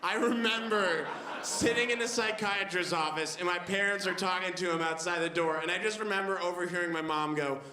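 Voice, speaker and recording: A man in his twenties doing a stand-up set, telling quick self-deprecating stories with sudden loud outbursts. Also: high voice, steady tone, crowd noise. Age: 20s. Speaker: stand-up comedian. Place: comedy club stage with live audience. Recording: echoey club with audience noise.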